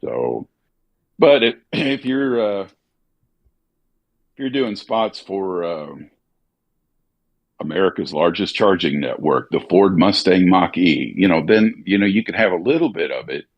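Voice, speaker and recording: A man from Missouri with a slightly Southern accent, an actor and voiceover artist chatting casually, relaxed and musing with lots of fillers. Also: deep voice, slow, long pauses, dull audio. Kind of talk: casual chat during a gaming stream.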